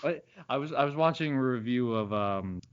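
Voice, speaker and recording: A man's voice: medium pitch, lively intonation, moderate pace, a little hiss or hum. A man co-hosting a podcast in casual chat, rambling and laughing often, slipping into mock accents. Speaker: podcast co-host. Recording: dull lo-fi sound.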